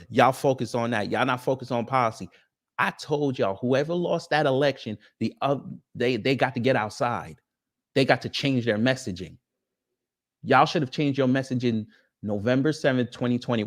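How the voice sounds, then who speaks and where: A man hosting a political commentary stream, ranting with mocking rhetorical questions and scornful laughs. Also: mid-range voice.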